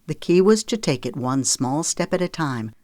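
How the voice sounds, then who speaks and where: An audiobook narrator reading a novel with steady, measured storytelling into a close microphone. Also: mid-range voice, no room sound. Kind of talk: scripted narration of a romance novel.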